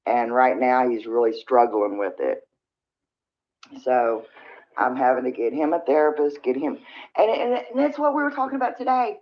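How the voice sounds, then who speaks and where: A middle-aged woman with an extremely low, animated voice speaks at a moderate pace while hosting a casual livestream. She vents to viewers in a rambling manner, sighing frequently, through dull lo-fi stream audio.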